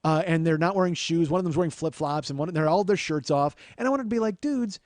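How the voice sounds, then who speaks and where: A man with a fairly high voice tells a comic story in a sardonic, swearing rant. The sound is dry and close, with no room echo. He is a podcast host. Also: fast talker. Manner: profane, sardonic, ranting. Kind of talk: comedic storytelling monologue.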